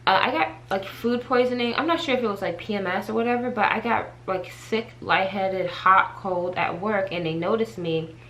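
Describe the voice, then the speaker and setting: A woman vlogger chatting to her viewers in a casual storytime, animated and talkative as she addresses them directly. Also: medium pitch, normal speed, few pauses, slight background noise, rough recording. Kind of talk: casual storytime chat to camera.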